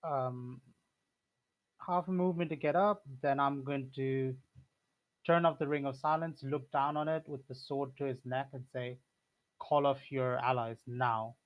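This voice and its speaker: A man plays a tabletop game and states his character's actions, often pausing on ums and uhs. His voice sits mid-range and comes through a dull, lo-fi recording. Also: mid-range voice, steady tone. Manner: hesitant, with "um" and "uh". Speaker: player.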